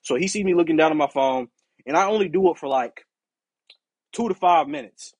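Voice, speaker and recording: A man hosting a podcast, telling a casual story in an animated, profane way and acting out the people in it. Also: fairly high pitch, fairly quick, breathy edge, no echo. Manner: animated, profane, acts out quoted exchanges. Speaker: podcast host.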